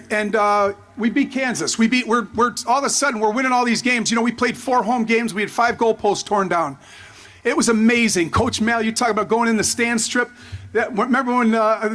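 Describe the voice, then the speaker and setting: High-voiced man telling an excitable tribute story. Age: 50s. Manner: animated, excitable storyteller who acts out quotes; halting, restarts often. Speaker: former player giving a tribute. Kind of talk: storytelling memorial tribute speech. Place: stadium memorial event.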